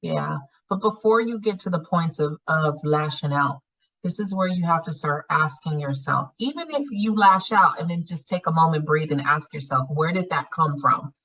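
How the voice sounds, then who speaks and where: A woman leads a spiritual healing class in a blunt, profane, animated way. Her voice sits low but sounds bright and husky. She is picked up from a little way off the mic. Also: moderate pace, recorded from a distance, lo-fi sound. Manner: blunt, profane, animated coaching with frequent laughs. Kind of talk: live online class teaching.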